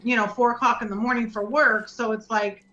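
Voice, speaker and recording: A woman's voice: on the high side, fairly even intonation, fairly quick, sharp tone, roomy sound, lo-fi sound. A woman chatting casually as a guest on a live stream, talking freely with fillers and frequent laughs. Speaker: guest reviewer.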